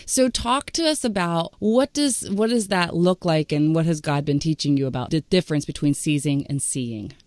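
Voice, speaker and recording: A woman's voice: low voice, moderate pace, hardly any pauses, a little mellow, dry recording. A woman hosting a podcast interview, asking questions and responding in an enthusiastic, affirming way. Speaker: podcast host. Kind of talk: interview chat.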